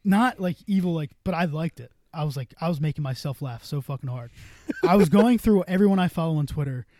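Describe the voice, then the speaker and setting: Fast-talking profane young man. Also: on the high side, expressive, mellow, no echo. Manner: rambling, profane storytelling with frequent laughter. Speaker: podcast co-host. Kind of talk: casual chat.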